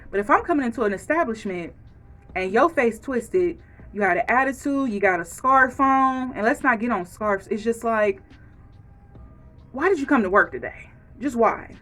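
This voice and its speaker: A woman's voice: fairly high pitch, animated, moderate pace, fairly bright tone. A woman ranting frankly to camera in a casual vlog, acting out quoted lines as she goes. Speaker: vlogger.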